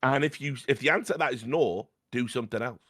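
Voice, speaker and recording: A man co-hosting a casual film chat podcast, giving measured, opinionated takes and often repeating his opening words. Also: mid-range voice, a crowd in the background. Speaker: podcast co-host.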